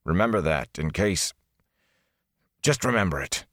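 A man reading an audiobook, voicing a gruff older male gleeman with a low, hoarse growl. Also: expressive, a little slow, fairly bright tone, no room sound, clean studio sound. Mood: gruff urgent. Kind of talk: audiobook character voice.

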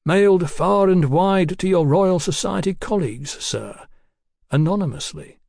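A male narrator voicing a dry, deliberate Victorian police detective who questions politely and speaks in measured tones. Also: high voice, creaky, a little mellow, no echo, voice pushed up, heavily acted.

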